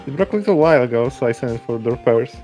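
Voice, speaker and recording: A man reads as a chatty, easygoing hot dog vendor who drawls his way through his lines with lively, bouncing pitch. He speaks at a middle pitch, with a hesitant rhythm. Game music plays underneath. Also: racing, natural voice. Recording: livestream with game music behind.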